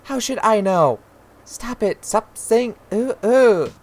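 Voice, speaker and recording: A man's voice: mid-range voice, lively intonation, normal speed, natural voice. A man voicing an irritated mother who scolds her daughter with growing exasperation. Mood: scolding. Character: irritated mother, sharp, losing patience. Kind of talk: reading a visual novel aloud.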